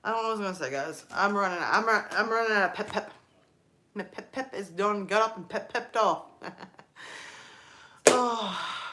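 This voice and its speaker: A woman's voice: mid-range voice, normal speed, long pauses, slight background noise. A woman in her thirties hosting a live stream, chatting casually and rambling through stories about her kids and her mom. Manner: chatty, rambling, animated storytelling.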